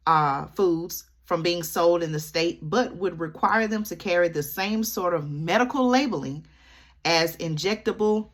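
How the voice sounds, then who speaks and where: A woman's voice: on the low side, fairly bright tone. A woman, commenting to camera and keeping up a running chat with her viewers, checking in with them often. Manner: chatty, keeps addressing viewers with "y'all" and "okay?". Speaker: vlogger.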